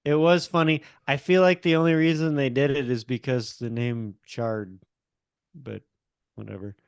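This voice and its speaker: A man's voice: mid-range voice, steady tone, vocal fry, clean tone, no echo, studio quality. A man co-hosting a casual film podcast, telling anecdotes and asking his co-hosts questions. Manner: storytelling, measured, asks questions. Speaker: podcast co-host. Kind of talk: casual chat.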